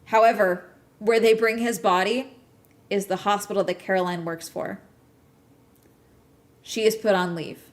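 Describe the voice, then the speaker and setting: A woman hosting a podcast recaps a true-crime documentary in casual chat, swearing freely and pausing to ask "okay?" as she retells the story. Her medium-pitched delivery is animated and jumps quickly between details.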